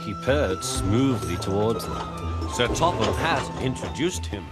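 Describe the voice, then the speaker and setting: A man narrating a children's storybook in a slow, expressive read-aloud manner. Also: lowish voice. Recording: music clearly behind.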